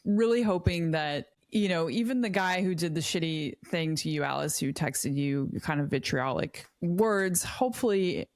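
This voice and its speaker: A woman's voice: sits low, normal speed, hardly any pauses, no room sound. A middle-aged woman hosting a podcast, reflective and wry, who corrects herself as she talks. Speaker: podcast host. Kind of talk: casual podcast chat.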